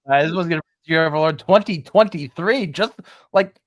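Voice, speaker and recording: A man's voice: fairly high pitch, brisk. A man co-hosting a podcast, chatting casually with teasing, jokey remarks. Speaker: podcast co-host. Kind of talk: casual banter.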